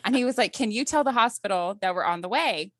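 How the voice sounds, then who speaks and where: A woman's voice: on the high side, expressive, fast talker, fairly bright tone, no echo, clean studio sound. A woman in her thirties, a podcast guest telling a personal story in casual conversation, acting out quotes and laughing often.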